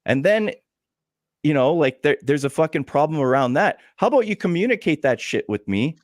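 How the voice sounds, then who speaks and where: A man's voice: on the high side, sing-song, normal speed, no room sound, studio quality. Aggrieved, swearing podcast host man. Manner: aggrieved, heavy swearing, blunt. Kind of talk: casual uncensored podcast chat.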